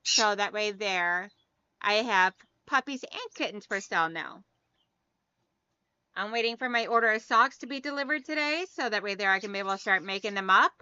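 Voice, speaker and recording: A woman's voice: medium pitch, animated, moderate pace, bright, forceful tone, smooth, no echo, highs cut off. A woman hosting a casual live stream, reading out viewer comments and answering in a friendly, chatty way. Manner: friendly, calls viewers girl.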